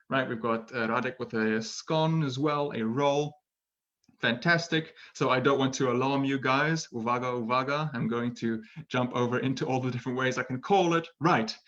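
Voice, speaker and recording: A man's voice: mid-range voice, fairly bright tone, dull audio. A man teaching English in a live online lesson, chatting casually, reading out viewer comments and often checking in with "right?".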